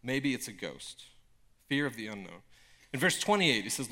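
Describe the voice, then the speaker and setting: A man preaching a sermon in a casual, conversational way, with frequent filler words and emphatic bursts of excitement. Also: medium pitch, normal speed. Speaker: pastor.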